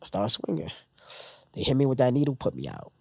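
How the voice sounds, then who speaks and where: A man tells his story in a relaxed interview and acts out the voices of the people around him. The sound is close and dry. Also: mid-range voice, fairly quick, vocal fry, slightly rough, no echo. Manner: animated retelling, acting out others' lines. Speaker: podcast guest. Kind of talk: casual storytelling.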